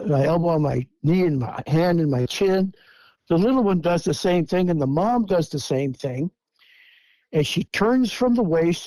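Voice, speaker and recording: A man's voice: on the high side, mellow, no echo. Older man telling a story, dry sound. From Washington State, US. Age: 70s. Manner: vivid step-by-step retelling, acting out quoted lines. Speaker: guest eyewitness. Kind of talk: first-person storytelling.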